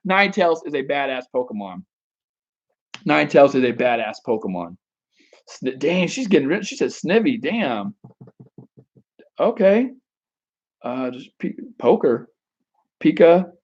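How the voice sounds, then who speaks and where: A man's voice: mid-range voice, sing-song, a little slow, long pauses, darkish tone, dull audio. A man giving dating advice on a casual live stream, answering chat with rambling, crude jokes and frequent restarts.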